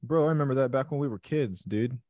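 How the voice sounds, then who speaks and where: A man hosting a live trading stream, chatting casually, excitable and swearing constantly. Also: medium pitch, fast talker, dry recording, studio quality. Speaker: livestream trading host.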